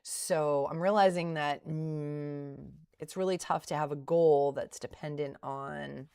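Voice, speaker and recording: A woman's voice: deep voice, fairly even intonation, takes it slowly, a little mellow, clean tone. A middle-aged woman streaming her day trading, thinking aloud in a casual, self-deprecating way as she reviews her trades at a home desk. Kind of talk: casual livestream commentary.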